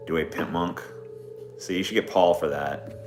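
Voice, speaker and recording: A man's voice: low-pitched, steady tone, moderate pace, darkish tone. A man hosting a casual livestream, laid-back and swearing often as he answers chat requests. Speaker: livestream host. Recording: echoey room with music behind.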